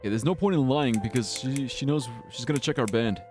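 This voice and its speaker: A man's voice: mid-range voice, brisk, a little mellow. A man streaming a game live, rambling and swearing freely as he comments. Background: game music.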